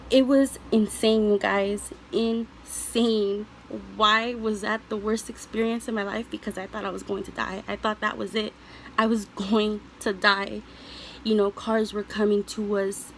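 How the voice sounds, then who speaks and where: A woman's voice: fairly high pitch, a little hiss or hum, poor audio. Earnest young woman telling a story. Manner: earnest, emotional, with many ums and you-knows. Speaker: vlogger answering viewer questions. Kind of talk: personal storytelling.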